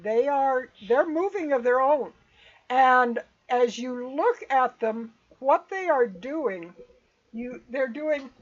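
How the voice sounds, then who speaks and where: A woman running a tabletop game as game master, describing scenes in a measured way with hesitant restarts. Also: sits high. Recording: dull lo-fi audio.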